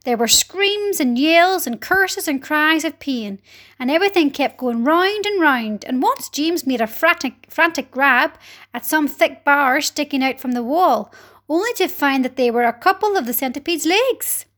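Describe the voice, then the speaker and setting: A woman narrating a children's storybook aloud in an animated, dramatic way. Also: high voice, unhurried. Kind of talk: expressive storybook reading.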